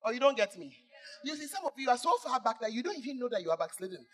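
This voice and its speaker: A male pastor preaching a sermon, swinging between shouts and hushed asides as he teases the congregation. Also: very high-pitched, big pitch swings, rapid-fire.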